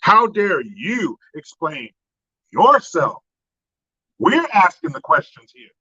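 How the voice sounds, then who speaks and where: A man's voice: high-pitched, very animated, slow, bright, forceful tone, slightly rough, dry recording. A man hosting a profane, sarcastic political commentary monologue. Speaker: host. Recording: dry, slightly dull lo-fi sound.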